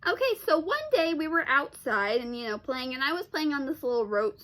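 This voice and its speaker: A woman with a high, bright voice rambles through a personal story for her vlog. She restarts her sentences often and lets out sighs and exasperated groans along the way. Her tone sounds sharp and forward, and she keeps her delivery casual. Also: expressive, fairly quick. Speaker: vlogger.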